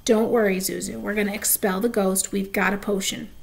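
A woman's voice: medium pitch, little pitch movement, a little fast, vocal fry, natural voice. A woman voicing a spunky, practical young schoolgirl who talks plainly and firmly. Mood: eager. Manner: plainspoken, firm.

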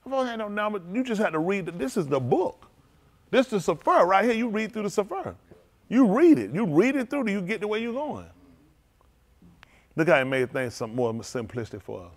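A man preaching a sermon as pastor, in informal, vernacular speech that swings from low murmurs to loud exclaiming. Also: sing-song, fairly quick. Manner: speaks in informal, vernacular English.

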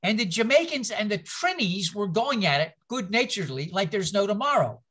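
A man's voice: sits high, big pitch swings, fairly quick, fairly bright tone, breathy edge. An older man giving a conversational Bible-class lecture. He tells rambling stories with self-mocking humor, and he often repeats words and restarts his sentences.

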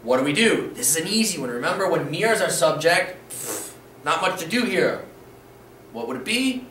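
A man's voice: on the high side, lively intonation, normal speed, sharp tone, far from the mic. A man teaching a video language lesson, patient and encouraging, often checking in with "okay?" as he repeats the rules. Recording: roomy echo, voice a bit off-mic, faint room noise.

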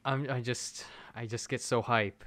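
A man casually commentating a mobile game stream, excitable and rambling as he thinks aloud. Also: mid-range voice, unhurried.

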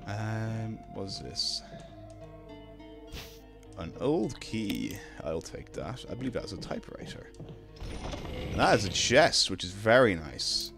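A young Irish man streaming a video game, chatting casually with his viewers between drawn-out ums. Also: fairly low pitch, very animated, over music. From Ireland. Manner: laid-back, drawn-out ums, greets chat. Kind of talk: casual live-stream chat while gaming.

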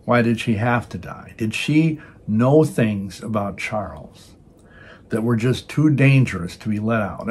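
A man's voice: mid-range voice, a little mellow, husky. An older man hosting a religious video, giving emphatic preaching commentary and often repeating words as he restarts. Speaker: Christian video host.

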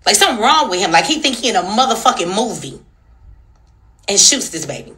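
Fiery, bright-voiced woman ranting. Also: mid-range voice, very animated, a little fast. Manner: angry, profane and emphatic, with rhetorical questions. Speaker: social media commentator. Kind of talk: heated commentary rant.

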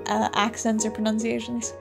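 A woman's voice: a little high, flat delivery, moderate pace, creaky, music in the background. A woman reading game dialogue aloud as a let's play host, with self-mocking asides.

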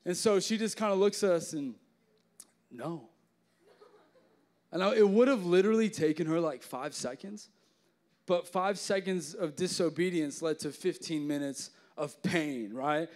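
A young man preaching a youth sermon, telling jokes and stories with lots of casual fillers. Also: sits high. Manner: joking, animated storytelling with many fillers. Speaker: youth pastor.

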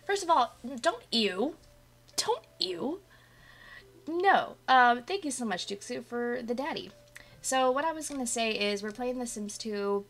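Her voice sits fairly high and is expressive, moving at a moderate clip, though it's dry and a bit coughy because she's freshly awake. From her apartment, using a desk microphone, this woman keeps up casual, bubbly chatter with her live stream audience and greets people by name.

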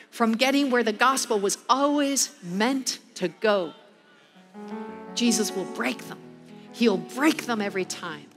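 A woman preaching a sermon in an animated, emphatic way, often breaking into laughter as she goes. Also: on the high side. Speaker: guest preacher.

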